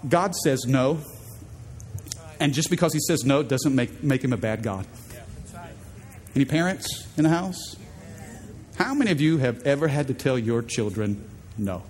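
A man's voice: medium pitch, expressive, a little slow, pauses often, a little mellow, long reverb tail. A man preaching a sermon as pastor, emphatic, prompting the congregation to repeat words back. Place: large church auditorium.

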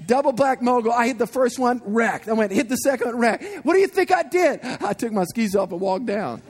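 A man in his forties preaching a sermon, telling animated personal stories and asking the congregation questions. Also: very high voice, brisk, hardly any pauses, breathy edge. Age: 40s. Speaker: guest preacher.

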